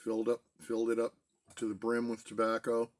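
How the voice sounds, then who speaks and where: A middle-aged man chatting casually in a relaxed, rambling way from a basement den at home. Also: medium pitch, brisk. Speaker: pipe-smoking video host. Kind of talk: casual pipe-smoking chat.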